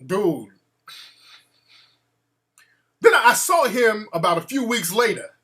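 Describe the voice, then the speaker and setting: A man hosting a call-in show, telling a story in an animated, profane way and acting out the quotes. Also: high voice, moderate pace. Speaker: radio show host.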